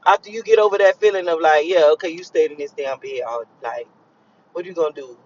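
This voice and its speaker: A man's voice: a little high, quick pace, highs cut off, slight background noise. A young man in a car, rambling and cursing as he reflects on his morning. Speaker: vlogger. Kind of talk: casual morning monologue while driving.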